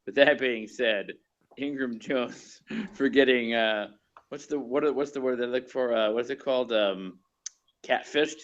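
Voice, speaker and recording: Halting male panelist on a dull line. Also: medium pitch, a bit bright. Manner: hesitant, searches for words with many fillers. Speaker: podcast panelist. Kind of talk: casual podcast chat.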